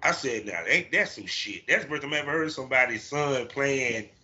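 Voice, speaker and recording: A man hosting a podcast in casual chat, animated and profane, acting out his own reactions. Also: medium pitch, a little fast, muffled recording. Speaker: podcast host.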